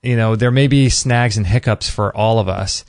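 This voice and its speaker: Earnest, low-voiced male podcast host. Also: normal speed, gravelly, no room sound, clean studio sound. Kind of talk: casual chat.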